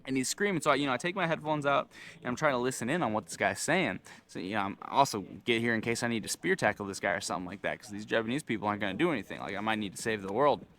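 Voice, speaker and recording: A young man recounts a wild street encounter in a lively, up-and-down voice with a bright, forceful edge. He talks casually to his viewers and breaks into high yells as he acts parts out. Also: racing. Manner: animated, acts out screaming with loud high yells. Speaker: vlogger. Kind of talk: casual storytelling to camera.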